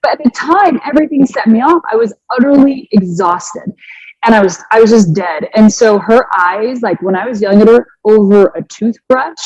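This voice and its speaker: A woman in her forties, a fitness coach, telling her personal story in an earnest, animated way with many restarts. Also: on the high side, moderate pace, husky, no room sound. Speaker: fitness coach and podcast guest. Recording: dry, slightly dull sound.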